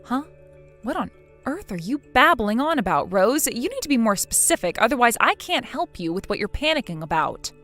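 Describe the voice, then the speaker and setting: A woman voicing a cool, sarcastic young wife in a scripted text-message drama, mocking quietly. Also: a little high, very animated, moderate pace, soft background music.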